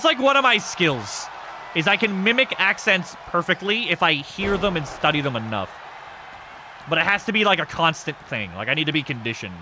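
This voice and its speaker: A man hosting a live stream, giving casual commentary on a wrestling game with excitable, crude joking. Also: fairly high pitch, a little hiss or hum. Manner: excitable, crude and joking, yelps at big moves.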